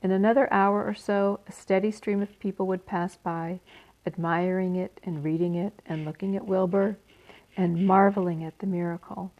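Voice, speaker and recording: A woman storyteller reading a children's book aloud in a steady, unhurried manner. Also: medium pitch, highs cut off.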